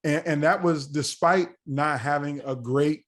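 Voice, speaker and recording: A man in his forties, a podcast guest telling a story in a casual, animated way and acting out the dialogue. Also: a little high, unhurried. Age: 40s. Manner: animated, acts out quoted dialogue.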